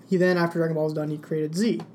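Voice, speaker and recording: A man's voice: a little high, warm tone, slight background noise. A man in a casual chat, laughing often as he explains things to his friends.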